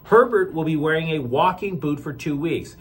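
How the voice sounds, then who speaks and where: A man's voice: on the high side, expressive, normal speed, a bit bright. A man hosting a daily sports news report, delivering it with sarcastic wisecracks.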